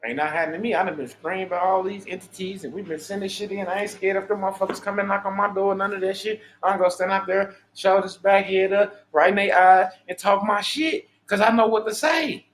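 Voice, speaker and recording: High-voiced profane man ranting on a livestream. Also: brisk, few pauses, a bit bright, a little hiss or hum. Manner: profane, preachy, boastful. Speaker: livestream host. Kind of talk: unscripted livestream monologue.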